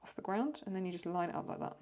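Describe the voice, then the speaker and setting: A woman's voice: on the low side, expressive, rapid-fire, darkish tone. A young English woman chatting casually and rambling while she draws and answers viewer questions. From England. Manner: chatty, rambling, self-talk. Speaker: host. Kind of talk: casual chat while drawing.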